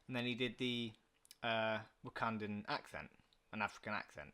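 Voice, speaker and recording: A young man co-hosting a podcast, arguing his points in casual chat and getting louder and higher when he pushes back. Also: normal speed, smooth. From England. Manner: argumentative, rising in pitch and volume when pressing a point. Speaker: podcast co-host.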